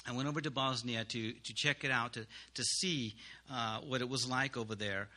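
Bright-voiced man telling a testimony. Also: medium pitch. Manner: halting, many pauses and restarts. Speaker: missionary. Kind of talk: spoken testimony to a congregation.

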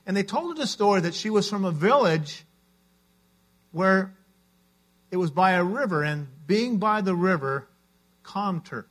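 A man's voice: high voice, expressive, a little slow, pauses often, fairly bright tone. A man preaching a sermon as a pastor, telling stories in an earnest way.

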